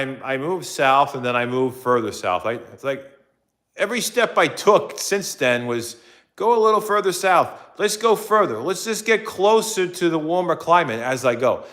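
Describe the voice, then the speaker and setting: A middle-aged man, chatting casually and at length on a live stream, rambling and poking fun at himself. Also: medium pitch. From New Jersey. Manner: rambling, self-mocking, jumps into excited put-on voices. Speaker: vlogger doing a live stream.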